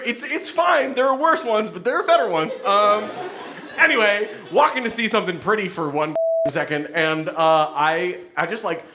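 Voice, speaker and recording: A man's voice: fairly high pitch, noisy background. A male poet reading his spoken word poems live, with rambling, self-deprecating, laughing asides between them. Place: event hall with audience. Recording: echoey hall.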